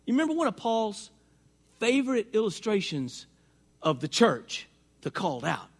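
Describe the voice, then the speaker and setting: A man with a high voice preaches a sermon to his congregation from a church sanctuary. He keeps it conversational, stumbling over and repeating words, then lifts his voice to drive a point home. He moves around as he talks, carrying his mic with him. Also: sing-song, normal speed. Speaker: pastor. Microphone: walks around with a mic.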